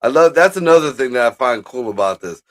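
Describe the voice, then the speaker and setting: A man's voice: medium pitch, fast talker, no room sound. A man co-hosting a casual movie watch-along, wisecracking and swearing. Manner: animated and profane, wisecracking. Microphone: live stream microphone.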